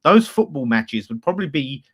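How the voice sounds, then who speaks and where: A man's voice: medium pitch, big pitch swings, moderate pace, husky. A man giving blunt, opinionated takes in a casual football chat. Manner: blunt, opinionated, swears freely. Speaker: fan channel co-host.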